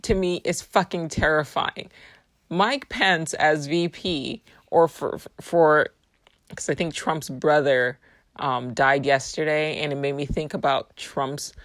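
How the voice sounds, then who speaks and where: Low-voiced woman rambling casually, dry sound. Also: fairly bright tone, dry recording. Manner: rambling, laughing, swears freely. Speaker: vlogger. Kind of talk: casual personal monologue.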